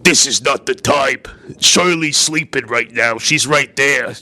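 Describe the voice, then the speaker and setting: A man voicing a tough, deep-voiced young woman who talks bluntly and aggressively. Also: measured pace, sharp tone, a little hiss or hum. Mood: stern. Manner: blunt, matter-of-fact threats.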